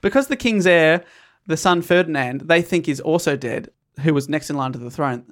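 A fairly high-voiced man retells a story in a casual chat. He is animated, laughs often and acts out the quotes as he goes. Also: normal speed. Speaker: podcast host retelling a play.

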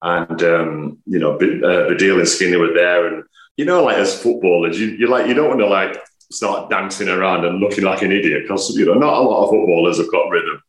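A former footballer speaking hesitantly in an interview, with many fillers. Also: male voice, low voice, brisk. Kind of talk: casual interview. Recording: echoey room.

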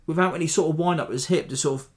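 A man hosting a podcast, giving a rambling, animated breakdown of a fight in a self-deprecating way. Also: on the high side, very fast. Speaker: podcast host. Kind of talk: casual fight analysis.

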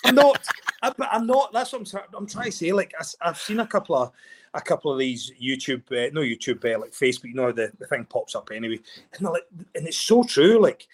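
A Scottish man, a former rugby player, chatting as a guest, excitable and animated, often repeating and restarting words. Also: fairly high pitch, brisk, a little hiss or hum. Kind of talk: casual chat.

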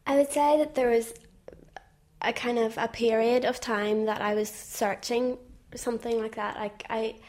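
A woman's voice: fairly high pitch, steady tone, measured pace, darkish tone. A young woman giving a personal testimony in an interview, speaking casually and thoughtfully.

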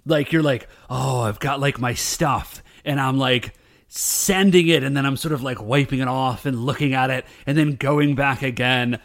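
A man co-hosting a podcast, talking in a rambling, animated way with lots of fillers. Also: mid-range voice, moderate pace, vocal fry. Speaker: podcast co-host. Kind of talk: casual chat.

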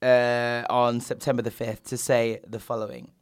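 A man's voice: medium pitch, little pitch movement, unhurried, no echo, clean studio sound. A young man, co-hosting a podcast and telling stories in a casual, jokey way full of fillers. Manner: chatty, jokey storyteller with frequent fillers. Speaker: podcast co-host. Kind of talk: casual chat.

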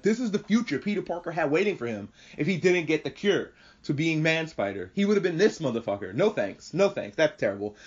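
A man casually reviewing an anime episode on his own, excitable and swearing, acting out the characters as he goes. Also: fairly high pitch. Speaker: podcast host reviewing anime. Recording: dull lo-fi audio.

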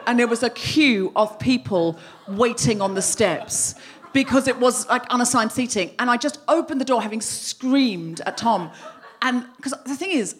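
A woman hosting a live comedy podcast, telling a self-mocking story and acting out her own outbursts before an audience. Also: on the high side.

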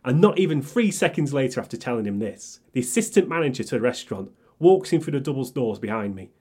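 Brief: young man, podcast co-host, slightly husky, lively sweary anecdotes. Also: medium pitch, fast talker. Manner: animated, swears freely, acts out quotes. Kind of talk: casual storytelling chat.

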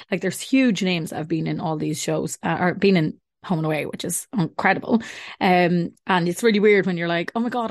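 Irish girl rambling on her podcast, lowish voice, dry sound. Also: dry recording. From Ireland. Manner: chatty, rambling, full of "like" and "um". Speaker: podcast host. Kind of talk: casual podcast intro and chat.

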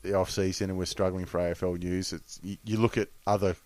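A man's voice: sits low, flat delivery, fast, a little mellow, no room sound. A man, chatting casually as a podcast co-host, correcting the others and filling gaps with ums. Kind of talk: casual chat.

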